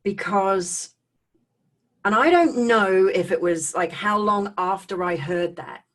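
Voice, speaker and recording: Woman, mid-range voice, emotional personal testimony on a video call, earnest and halting, with lots of restarts. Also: mid-range voice. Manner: halting and earnest, often repeats and restarts words. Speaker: speaker sharing her personal story.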